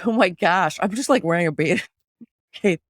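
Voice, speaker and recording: A woman hosting a podcast in casual, animated, jokey chat. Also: on the low side, brisk, no room sound, studio quality. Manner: animated, jokey, slips into playful accents. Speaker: podcast host.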